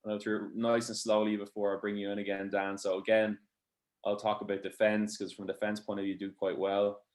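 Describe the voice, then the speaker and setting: A man's voice: fairly low pitch, flat delivery, a little fast, a little mellow, echoey room. A man hosting a rugby coaching webinar, steadily explaining attack and defense over match clips. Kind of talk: webinar analysis.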